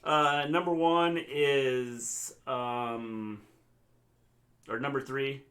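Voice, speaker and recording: A man's voice: medium pitch, fairly even intonation, extremely slow. Joking American man on a live stream. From Midwest United States. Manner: jokey, bursts into loud goofy impressions. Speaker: co-host. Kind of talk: casual live-stream chat.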